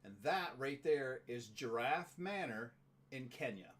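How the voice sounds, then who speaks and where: A man's voice: mid-range voice, expressive, unhurried. A man hosting a casual talk show, reading facts aloud with stumbles and joking asides. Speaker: show host. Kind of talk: casual chat.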